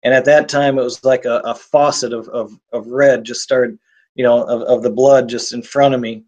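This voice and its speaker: A middle-aged man recounts a personal ordeal as an interview guest. He speaks intensely, stumbling and restarting his words, with a voice of ordinary middle pitch. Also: level tone, normal speed, a little mellow, dull audio. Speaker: interview guest telling his survival story.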